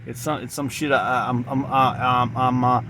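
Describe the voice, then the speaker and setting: A man's voice: medium pitch, flat delivery, pushed and bright, a little hiss or hum. Loopy man rambling in fake Southern drawl. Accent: put-on Southern. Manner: halting, repetitive, full of restarts. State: sleep-deprived and loopy. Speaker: vlogger. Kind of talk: rambling monologue to camera. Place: outdoors in a parking lot.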